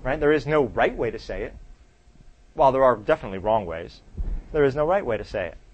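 A male teacher lectures in a classroom, talking loosely and conversationally. His pitch sits at an ordinary middle height. He keeps throwing questions at the class and tagging his points with "right?". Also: expressive, brisk, dull audio.

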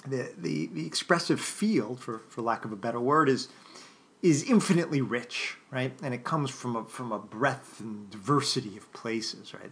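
A man's voice: mid-range voice, gravelly, a bit bright. A man giving an unscripted philosophy lecture, thinking aloud with frequent restarts and fillers and often checking in with his listeners. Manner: thoughtful, halting, many restarts and fillers; addresses listeners directly, often checking with "right?".

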